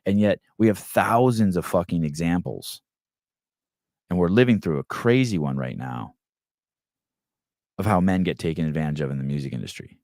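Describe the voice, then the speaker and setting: A man's voice: deep voice, animated, normal speed, long pauses, darkish tone, no echo, clean studio sound. A man hosting a podcast, retelling a story in a loose, rambling way with many restarts. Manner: rambling, restarts often, acts out quotes. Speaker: podcast host. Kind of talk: casual monologue.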